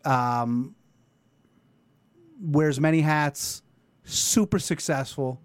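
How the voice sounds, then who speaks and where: A man's voice: on the high side, drawn-out words, clean tone, no room sound. A man hosting a casual talk show, ranting loosely with plenty of swearing. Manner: animated, swearing, rambling rant. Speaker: podcast host.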